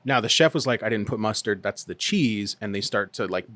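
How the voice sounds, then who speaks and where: A man in his thirties telling a story on a podcast, animated and swearing freely as he acts out the dialogue. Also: fairly low pitch, a little fast, no echo. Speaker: podcast co-host. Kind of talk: casual storytelling chat. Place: podcast studio.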